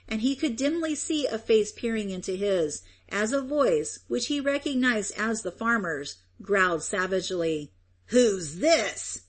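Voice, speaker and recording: Female audiobook narrator, fairly high voice, steady measured storytelling. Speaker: audiobook reader. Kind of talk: scripted narration.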